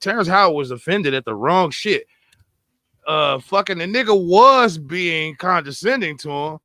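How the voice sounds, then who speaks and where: A young man co-hosting a podcast, talking in a casual, profane way and swinging between loud bursts and low mutters. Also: no room sound, clean studio sound. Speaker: podcast co-host.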